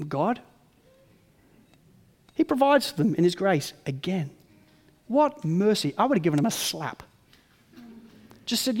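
A man preaching a sermon, animated, who acts out the grumbling voices of the people in his story. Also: high-pitched, moderate pace, pauses often, in a large hall. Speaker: pastor.

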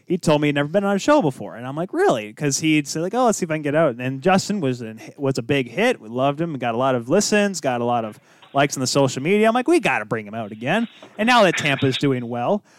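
Young male co-host, excitable and emotional, high bouncing pitch, dry close mic. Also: dry recording. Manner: excitable, emotional, quick to raise his voice. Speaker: podcast co-host. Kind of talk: casual chat.

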